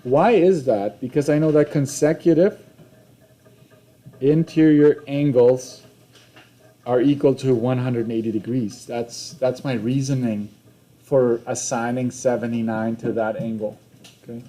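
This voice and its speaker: A man's voice: medium pitch, steady tone, a little slow, mellow. A young man teaching a geometry class, talking it through conversationally and checking in with the students again and again. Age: young adult. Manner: conversational, repeats himself, frequent "okay?" check-ins. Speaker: math teacher. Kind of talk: classroom lesson walkthrough.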